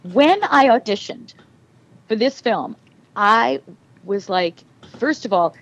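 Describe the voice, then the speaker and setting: A middle-aged actress chatting as a podcast guest, telling animated stories and acting out quoted dialogue. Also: female voice, mid-range voice, slow pace, lo-fi sound. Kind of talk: casual interview.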